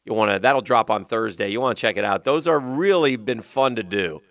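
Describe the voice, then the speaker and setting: A male sports radio host with a slight Southern US accent, rambling in loose banter and sinking into a low mutter. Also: lively intonation, a little fast, creaky, fairly bright tone, no room sound. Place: radio studio. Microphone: studio microphone.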